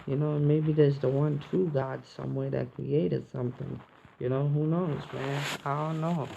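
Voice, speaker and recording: A man's voice: mid-range voice, fairly even intonation, moderate pace, gravelly, warm tone, muffled recording, slight background noise. A man vlogging in a casual, rambling monologue, musing philosophically and often checking in with his listeners. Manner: rambling, philosophical, peppered with "you feel me" and "man".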